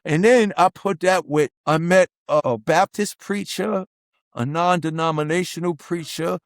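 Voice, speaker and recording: A man in his sixties, a veteran hip hop artist, telling stories as an interview guest with lively, acted-out quotes and shifting pace. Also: a little high, no room sound, clean studio sound. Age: 60s. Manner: animated, acts out quotes, speeds up and slows down. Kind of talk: heartfelt storytelling in conversation.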